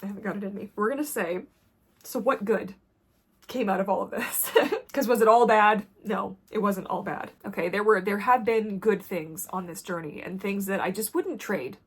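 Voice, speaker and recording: A woman vlogger talking candidly to camera in a blunt, intense way that drops to quiet when the subject gets heavy. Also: medium pitch, moderate pace, husky.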